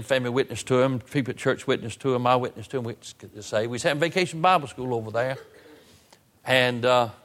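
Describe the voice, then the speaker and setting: A man preaches from the pulpit and tells a long story to his church. He restarts and repeats words often. When he retells his pleas, his voice climbs high and gets loud. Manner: repetitive restarts, rising to raised emotional pitch when retelling his pleas. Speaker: pastor. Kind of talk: sermon storytelling.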